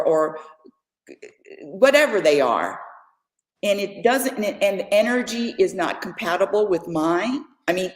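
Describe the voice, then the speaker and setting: An older woman telling stories in a casual chat, joking and animated, often repeating her words. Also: deep voice. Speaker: podcast co-host, mother. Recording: echoey room.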